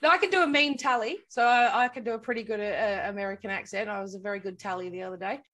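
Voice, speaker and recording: A woman's voice: mid-range voice, fast, a bit bright. A woman hosting a podcast in playful, jokey casual chat.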